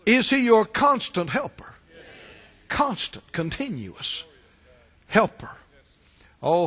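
A man preaching a sermon, his delivery swelling into emphatic shouts and dropping to hushed asides. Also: high-pitched, slightly rough. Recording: long hall reverb.

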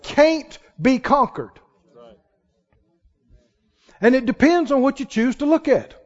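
A man preaching in a high, animated voice that leaps up and plunges down as he drives his points home. He keeps calling on the congregation to answer back. The recording is somewhat dull and carries the long reverb of a big sanctuary. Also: takes it slowly. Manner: emphatic preaching, calls for audience response. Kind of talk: sermon. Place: church sanctuary. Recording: dull sound in a large reverberant hall.

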